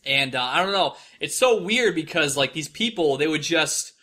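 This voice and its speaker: Bright and forceful, this young Midwestern-accented podcast host tells stories in a loose, profane, rambling monologue, frequently impersonating people to mock them. His voice is on the high side and animated, at a normal speed.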